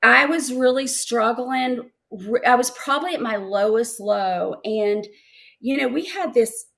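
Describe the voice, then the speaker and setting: Emotional middle-aged woman, slightly high voice. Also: gravelly, fairly bright tone. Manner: emotional, halting, repeats words as she searches for them. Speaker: interview guest. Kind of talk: heartfelt personal testimony.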